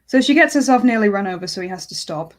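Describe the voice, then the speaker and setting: A woman's voice: medium pitch, expressive, quick pace. Woman dryly recapping a film. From Britain. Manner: dry, recounting plot with hesitant fillers. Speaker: co-host. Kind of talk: casual film recap chat.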